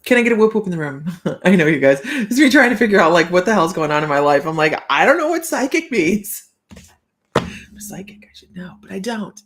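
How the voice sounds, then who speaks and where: A woman's voice: fairly low pitch, expressive, quick pace. A middle-aged woman hosting a psychic livestream, telling stories casually, laughing often and acting out the voices she quotes. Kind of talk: casual chatty livestream storytelling.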